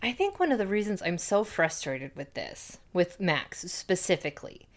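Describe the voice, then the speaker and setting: A woman co-hosting a podcast, chatting casually and quoting characters in quick bursts. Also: fairly low pitch, big pitch swings. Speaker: podcast co-host. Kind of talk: casual chat recapping a TV episode.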